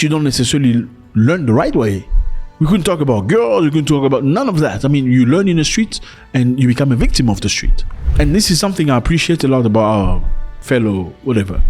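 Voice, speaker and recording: Man from Africa, mid-pitched, animated, joking, sudden high leaps for emphasis, reaction commentary, faint music behind. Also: brisk.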